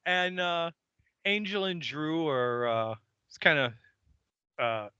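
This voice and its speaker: A man with a high, very bright voice recaps a TV episode for a podcast in loose, joking chat. He jumps into characters' lines with colorful swearing and laughs along. The recording is dry and slightly dull. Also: expressive, takes it slowly, clean tone, no room sound. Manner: acts out scenes in put-on voices, swears, laughs often. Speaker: podcast co-host.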